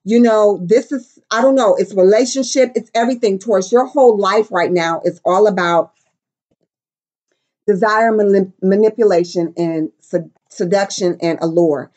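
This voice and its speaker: A woman's voice: mid-range voice, moderate pace, darkish tone. A middle-aged woman giving a casual tarot reading, brash and profane, clowning around with silly voices and bits of song. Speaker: tarot reader.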